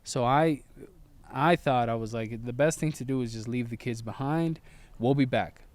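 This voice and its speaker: A man in his thirties, a father and vlogger, calmly explaining how he and his wife made a family decision, in an earnest, laid-back way. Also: medium pitch, moderate pace, no echo. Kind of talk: casual storytelling.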